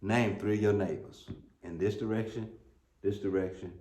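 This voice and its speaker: A man's voice: fairly low pitch, steady tone, normal speed, dark tone, a little hiss or hum. A middle-aged American man preaching a sermon as pastor, telling folksy, humorous stories with emphatic peaks. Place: church sanctuary. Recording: roomy church sound.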